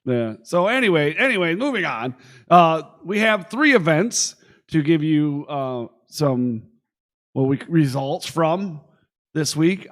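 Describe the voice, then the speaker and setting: Give me a boastful male podcast host with a slightly high voice, joking around. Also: animated, slow pace, a bit bright. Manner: boastful, joking, self-hyping. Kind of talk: casual chat.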